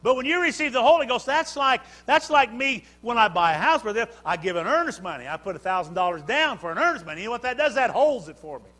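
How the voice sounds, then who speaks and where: A man's voice: very high-pitched, expressive, fast, hardly any pauses, bright, forceful tone. A man preaching a sermon, building fervor through repeated phrases. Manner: preaching with rising fervor and repetition. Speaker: pastor.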